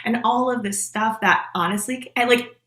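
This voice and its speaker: A woman hosting a conversational podcast interview, telling stories in a candid, expressive way. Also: fairly high pitch, moderate pace. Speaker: podcast host. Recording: echoey room.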